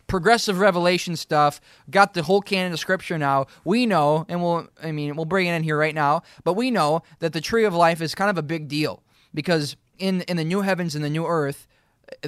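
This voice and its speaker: A man's voice: fairly high pitch, fairly bright tone, clear, resonant tone, dry recording, studio quality. A man leading a casual Bible study, reading verses aloud and explaining them word by word. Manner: reads scripture aloud, repeats key words, laughs easily. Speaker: Bible teacher.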